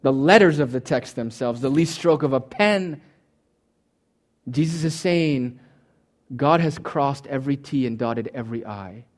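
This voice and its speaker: A man's voice: medium pitch, a little slow. A man preaching a sermon, teaching from Greek words with emphatic, swinging delivery and touches of humor. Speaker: pastor.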